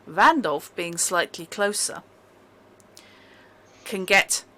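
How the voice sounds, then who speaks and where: Game master: woman, northern English accent, lowish pitch, bright forceful tone. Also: animated, slow. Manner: playing several characters in between narration. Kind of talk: narrating a tabletop game.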